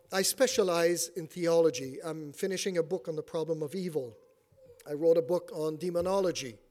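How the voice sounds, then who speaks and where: French-Canadian preacher with a high voice. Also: male voice. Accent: Quebec French. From Quebec City, Canada. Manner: self-deprecating jokes, many fillers, drops to quiet for serious points. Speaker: preacher and theology teacher. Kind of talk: sermon with personal story.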